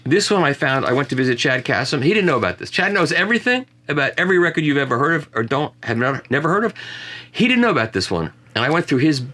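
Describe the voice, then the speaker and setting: A man's voice: a little high, big pitch swings, fast, pushed and bright. A man reviewing vinyl records in a casual conversation, chatty and full of self-mocking jokes and restarts. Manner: chatty storyteller who often restarts and jokes about himself.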